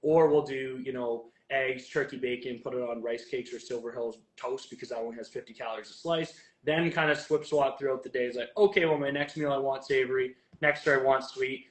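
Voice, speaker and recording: A man's voice: medium pitch, fairly even intonation, fairly quick, few pauses. A man, a guest chef and bodybuilding coach, chatting casually and walking through recipe steps as he cooks in a kitchen. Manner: chatty and upbeat, narrating cooking steps. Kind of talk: casual chat while cooking. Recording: echoey room.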